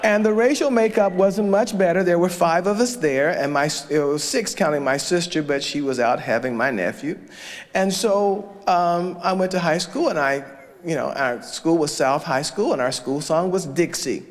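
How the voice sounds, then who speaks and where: A man's voice: on the high side, normal speed. A man giving a storytelling lecture as a choral conductor, acting out the voices of people he quotes. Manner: animated storyteller who acts out quoted voices. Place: large lecture hall or church indoors. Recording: long reverb of a large hall.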